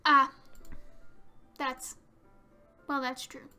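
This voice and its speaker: Yuri, a woman voicing a shy high bookish girl. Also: little pitch movement, very slow, soft background music, heavily acted. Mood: timid. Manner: soft, hesitant, trailing off. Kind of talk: reading a visual novel aloud.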